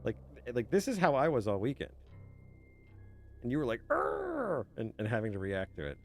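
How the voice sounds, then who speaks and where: A man's voice: medium pitch, very animated, brisk, darkish tone. A young man streaming a game and chatting casually with his viewers, laughing often and slipping into silly asides. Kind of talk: casual chat with chat while gaming. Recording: faint game music behind. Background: game music.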